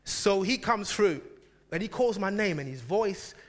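A man preaching a sermon, telling a personal story with lively laughter and frequent asides to the congregation. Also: high-pitched, measured pace. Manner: animated, laughing, keeps asking "do you know what I mean".

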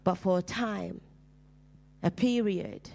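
This woman, a Ugandan preacher, slowly tells her personal testimony in a creaky voice. She talks earnestly in conversation, softening and lowering her voice on hurtful memories.

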